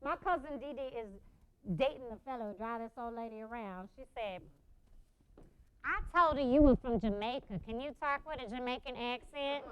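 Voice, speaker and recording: A woman's voice: fairly high pitch, normal speed, smooth, close to an everyday voice. An actress playing a sassy, outspoken mother of five in a one-woman stage play, talking bluntly in streetwise slang.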